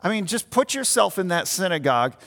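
A man's voice: high voice, sing-song, brisk, fairly bright tone. A man, a pastor, preaching a sermon to his congregation and inviting them to picture the scene as he explains. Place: church meeting room with congregation. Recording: long hall reverb.

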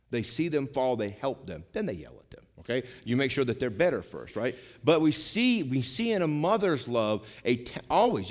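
A middle-aged man preaching to his congregation in a chatty style, full of asides and rhetorical questions, slowing and swelling when he reads scripture. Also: mid-range voice. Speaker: pastor. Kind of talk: sermon.

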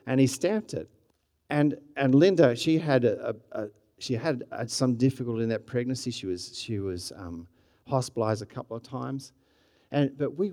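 A man's voice: mid-range voice, moderate pace, dark tone. A middle-aged man with an Australian accent, preaching a sermon in a conversational, storytelling way that rises in energy at times. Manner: conversational, with frequent restarts and rising bursts of energy. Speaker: pastor.

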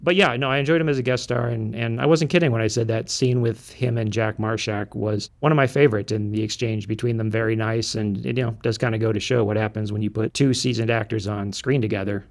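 A man with a gravelly voice co-hosts a casual podcast chat. He steers the talk with questions and slips in dry, teasing remarks. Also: fairly low pitch, steady tone, fast, few pauses. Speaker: podcast co-host.

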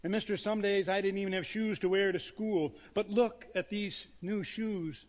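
A man's voice: high-pitched, steady tone, moderate pace, in a large hall, pitched above the performer's own voice, close to an everyday voice. A man telling it as an earnest little girl. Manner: earnest, plain-spoken. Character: earnest little girl defending her father.

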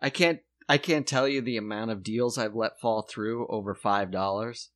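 A man's voice: on the low side, normal speed. A man in casual comedic chat, telling stories and acting out what people said, swearing freely. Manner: storytelling, acts out quotes, swears freely.

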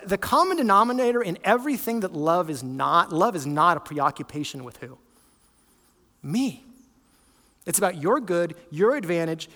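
High-voiced pastor preaching in a reverberant hall. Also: male voice, bright, forceful tone. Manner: earnest, conversational preaching with repeated restarts. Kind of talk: sermon.

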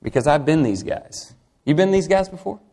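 Preaching with a fairly high pitch and plenty of animation, this man speaks to the congregation as if in conversation. He questions them directly, moving back and forth between soft, slow lines and forceful emphasis.

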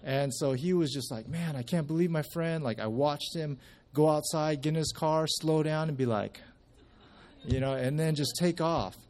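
Slightly high with a darkish tone and moderate pace, this church member gives a casual testimony at a service. His conversational story has many restarts, and he acts out what people said.

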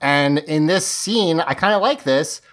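A man's voice: on the high side, animated, unhurried, fairly bright tone. Chatty amused man recapping a show. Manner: chatty, amused, rambling with restarts. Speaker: podcast co-host. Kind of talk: casual episode recap chat.

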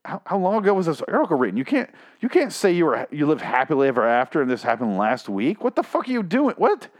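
A man's voice: on the high side, huge pitch swings, fast. A man reading an article aloud and mocking it with profane, incredulous rants. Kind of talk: comedic reaction commentary.

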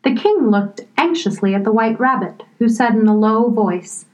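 A woman narrating a storybook in a measured, expressive reading. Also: a little high, poor audio.

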